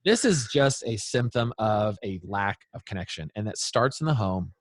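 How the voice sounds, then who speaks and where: A man in his thirties or forties, an interview guest giving parenting advice in an earnest, animated way. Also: fairly low pitch, normal speed, no room sound, clean studio sound. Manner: earnest, animated, acts out quoted voices. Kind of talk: interview storytelling.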